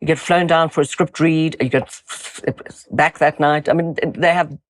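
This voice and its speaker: A woman's voice: deep voice, fairly even intonation, moderate pace. A South African woman with a South African accent, an actress and dialect coach. In interview conversation she acts out sounds and pronunciations as she talks.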